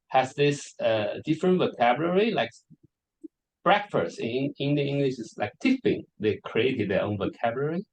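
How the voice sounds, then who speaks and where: A man's voice: mid-range voice, a little mellow, poor audio. A man giving an academic presentation in a casual way, full of "like" and "okay". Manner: casual, filler-heavy, with frequent "like" and "okay". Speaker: conference presenter.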